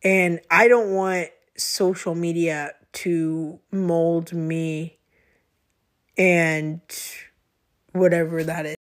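A woman's voice: lowish voice, steady tone, very slow. A young woman hosting her own podcast, talking casually and rambling with lots of fillers and self-corrections. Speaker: podcast host. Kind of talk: casual solo podcast monologue.

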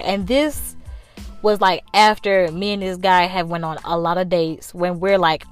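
Animated young woman telling a story. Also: mid-range voice. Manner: animated, addresses the viewers directly, swears freely. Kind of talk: casual storytime.

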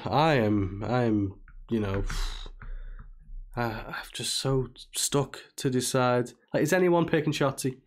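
Male podcast co-host, northwest English accent, mid-pitched, rambling casual chat. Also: slow pace. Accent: northwest English, near Liverpool. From northwest England. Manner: chatty, rambling, laughs often.

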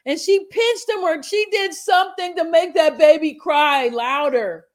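A woman's voice: extremely high pitch, measured pace. A woman giving reaction commentary in an outraged, profane, emphatic way.

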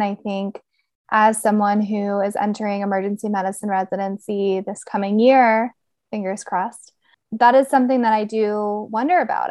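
A woman's voice: mid-range voice, darkish tone, dry recording. A young woman in her twenties, a medical student hosting an interview, asking polite, curious questions.

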